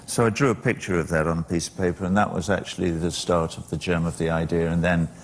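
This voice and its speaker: An older man, a musician appearing as a talk show guest, answering in a measured, thoughtful way with dry humor. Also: low-pitched, steady tone, slight background noise. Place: television studio.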